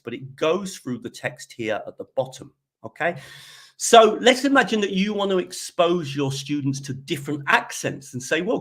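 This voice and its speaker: A man's voice: fairly high pitch, fairly bright tone, slightly rough. A man giving an online teaching presentation while sharing his screen, chatty and often checking in with "okay?". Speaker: teacher trainer presenting a webinar.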